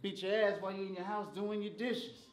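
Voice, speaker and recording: A man battle rapping a cappella, loudly mocking his opponent at a live event. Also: high-pitched, flat delivery, fairly quick, reverberant, slight background noise, poor audio. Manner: loud, mocking delivery. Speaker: battle rapper.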